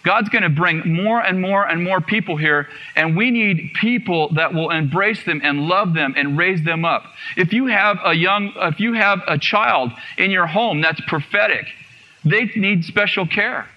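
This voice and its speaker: A man's voice: sits high, measured pace, lo-fi sound. A man preaching a sermon to a congregation, earnest and repeating phrases for emphasis. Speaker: guest preacher.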